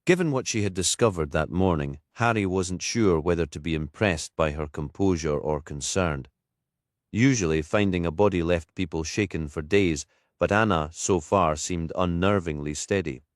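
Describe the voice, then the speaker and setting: A man reading a crime novel aloud in steady, scripted audiobook narration. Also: low-pitched, moderate pace, dry recording, clean studio sound.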